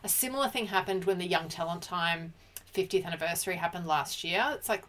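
A woman's voice: lowish voice, brisk, a bit bright. A woman co-hosting a casual pop culture chat, emotional and chatty, often restarting her sentences. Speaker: podcast co-host.

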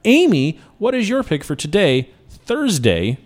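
A man's voice: sits high, huge pitch swings, unhurried, a crowd in the background. Rambling, joking male radio host. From Chicago, USA. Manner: joking, self-mocking, rambling. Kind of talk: casual radio chat.

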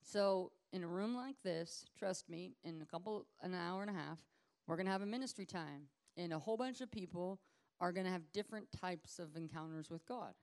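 Woman preaching in a lively conversational way. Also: on the low side, a little fast, smooth. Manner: lively conversational preaching, acts out quoted people. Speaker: church ministry leader. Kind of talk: informal teaching sermon.

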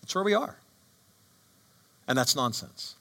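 A man's voice: medium pitch, very animated, measured pace, sharp tone. A man preaching a sermon with emphatic delivery and frequent rhetorical questions. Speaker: pastor.

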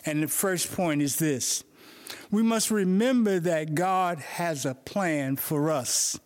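A man's voice: on the high side, slow pace. Earnest man preaching a morning sermon. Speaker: pastor.

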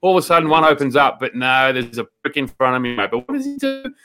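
A man's voice: mid-range voice, very animated, quick pace. A man doing a sweary ranting Aussie bloke. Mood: indignant. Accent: Australian. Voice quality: bright, sweary, keeps saying "mate". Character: ranting Australian bloke, angry regular segment host. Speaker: co-host. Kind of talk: comedic rant segment.

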